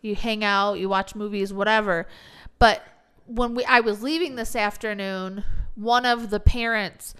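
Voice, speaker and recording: A woman in her forties, a teacher abroad, telling a story in casual chat and mimicking others in a high voice. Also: fairly even intonation, a little slow, hardly any pauses, a bit bright, clean tone.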